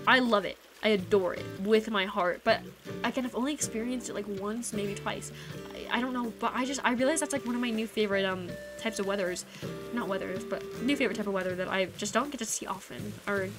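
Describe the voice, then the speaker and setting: A young woman streaming a game, chatting casually with viewers in a rambling, giggly way that keeps breaking off mid-thought. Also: medium pitch. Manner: rambling, giggly, self-interrupting. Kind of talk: casual live-stream chat. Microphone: desk microphone. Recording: game music playing behind. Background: game music.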